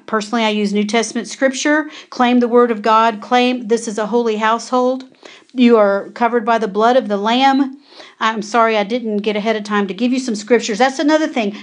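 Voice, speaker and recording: A woman preaching an urgent prophetic warning, giving repeated commands and asking her listeners pointed rhetorical questions. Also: medium pitch.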